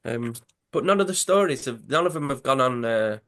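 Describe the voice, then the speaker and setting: Sex: man. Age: adult. Role: podcast co-host. Style: casual, animated comic-story retelling over a video call. Pitch: middle. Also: moderate pace. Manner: animated, acts out characters' lines.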